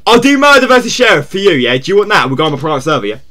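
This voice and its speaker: Excitable high-voiced male streamer. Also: racing. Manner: tags nearly every phrase with "yeah?", talks to chat; excitable, shouts when surprised. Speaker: live streamer. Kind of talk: casual live gaming stream chat.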